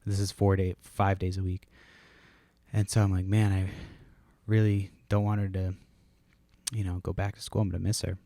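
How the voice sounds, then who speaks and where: Podcast host, male, low voice, dry close sound, rambling and profane, casual at-home delivery. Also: flat delivery, moderate pace, long pauses, mellow, no room sound. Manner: rambling, profane, laid-back storytelling.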